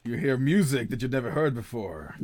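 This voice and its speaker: A man narrating as game master, talking slowly with many halting restarts and laughs. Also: mid-range voice, big pitch swings, a little mellow. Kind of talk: narrating a tabletop game over voice chat.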